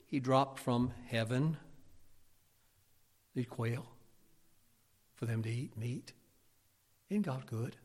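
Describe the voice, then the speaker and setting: A man's voice: mid-range voice, slow pace, pauses often, darkish tone. A man preaching a sermon, telling folksy stories and asking for amens. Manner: folksy storytelling, calls of amen.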